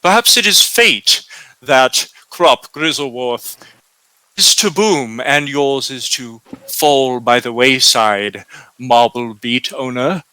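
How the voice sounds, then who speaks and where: A man's voice: mid-range voice, takes it slowly, pushed and bright, clear, resonant tone, no room sound, rough recording. A man voicing a smug, condescending middle-aged human farmer. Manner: condescending, dismissive.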